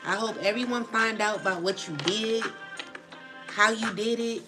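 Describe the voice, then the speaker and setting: With a fairly high voice at a moderate pace, this tarot livestreamer delivers an emotional rant over background music. She's agitated and profane, speaking casual slang and repeatedly asking "you know what I'm saying."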